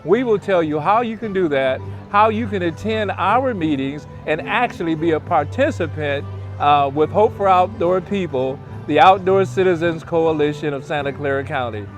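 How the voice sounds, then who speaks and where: A man's voice: a little high, soft background music. Earnest man making a community appeal. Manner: friendly, earnest, rushed sign-off. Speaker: advocacy group representative. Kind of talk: public appeal to camera. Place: outdoor festival booth.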